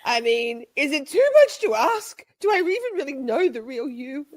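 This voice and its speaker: A woman's voice: high voice, lively intonation, moderate pace. A woman delivering a comedic rant with mock-dramatic, exaggerated outrage.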